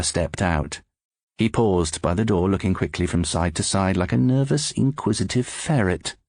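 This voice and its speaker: Guy reading a story aloud, animated up and down delivery, dry studio mic. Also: on the low side, no room sound. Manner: lively, expressive storytelling. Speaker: audiobook narrator. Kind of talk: scripted narration.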